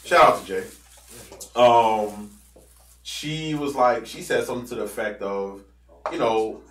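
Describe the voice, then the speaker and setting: A man's voice: mid-range voice, animated, a little fast, fairly bright tone, a little hiss or hum. A man co-hosting a podcast, telling a workplace story in casual chat, swearing and acting out what people said. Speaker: podcast host. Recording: roomy sound from a distant mic.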